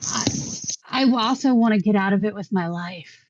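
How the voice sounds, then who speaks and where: A woman's voice: mid-range voice, moderate pace, dry recording, highs cut off. A woman playing a tabletop game who talks in an anxious, joking way. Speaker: player. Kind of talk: tabletop role-play chat.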